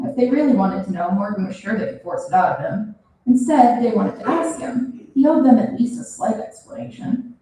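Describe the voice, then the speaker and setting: A young woman reading her own fiction aloud at a reading event, expressive and animated. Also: a little high, moderate pace. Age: young adult. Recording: roomy, from a distance.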